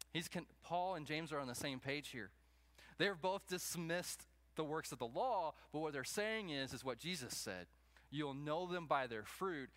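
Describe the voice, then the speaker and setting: A man delivering a sermon with a high, bright voice. He preaches in an animated way, jumping into raised voices to act out everyday scenes for the congregation. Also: no room sound. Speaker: pastor.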